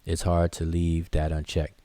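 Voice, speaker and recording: A man's voice: low-pitched, completely flat delivery, a little slow, warm tone, dry recording. A man teaching a live online class, explaining loosely and conversationally with frequent restarts and fillers as he answers viewer questions. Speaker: hieroglyphics teacher.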